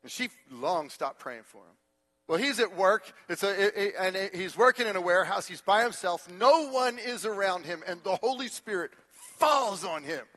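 A middle-aged male pastor delivering a sermon in a high, bright voice. He tells stories with energy, acts out the voices of the people in them, and drops to a hushed tone to drive a point home. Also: animated, moderate pace.

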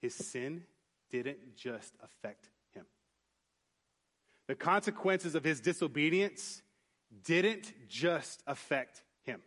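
A man's voice: fairly high pitch, slow, long pauses. Earnest male pastor preaching a sermon. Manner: earnest storytelling, rising into animated retelling with acted voices. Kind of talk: sermon with personal story.

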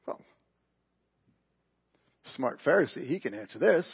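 A male pastor preaching a sermon with emphatic rhetorical questions and big swings between loud and soft. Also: mid-range voice, animated, normal speed, long pauses, husky. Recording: muffled lo-fi live broadcast.

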